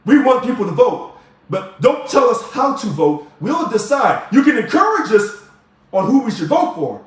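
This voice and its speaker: A man giving emphatic, preachy political commentary straight to camera while showing his ballot. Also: high voice. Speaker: video blogger. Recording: very echoey room.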